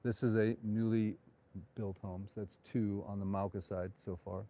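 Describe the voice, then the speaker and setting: A man's voice: lowish voice, level tone, moderate pace, warm tone. A man, a realtor, chatting and joking in opinionated asides while walking outdoors through town streets on a live vlog tour, filmed on a handheld phone.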